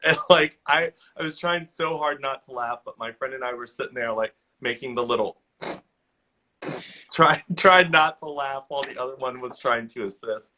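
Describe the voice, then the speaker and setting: A man's voice: mid-range voice, fairly even intonation, moderate pace, pushed and bright, low-quality recording. A man hosting a podcast, chatting casually and telling funny stories from past jobs, acting out the people he quotes in a raised voice. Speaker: podcast host.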